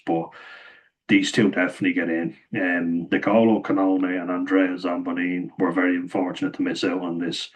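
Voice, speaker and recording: Deep flat-voiced Irish guy talking rugby. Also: rough recording. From Ireland. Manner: chatty, laughs often, opinionated banter. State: slightly hoarse, losing voice. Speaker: rugby pundit vlogger. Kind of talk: casual rugby commentary.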